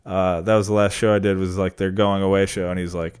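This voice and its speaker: A man's voice: sits low, little pitch movement, quick pace, darkish tone, clean tone. Rambling young man telling stories. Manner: rambling, swearing, storytelling. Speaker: podcast co-host, comedian. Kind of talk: casual chat.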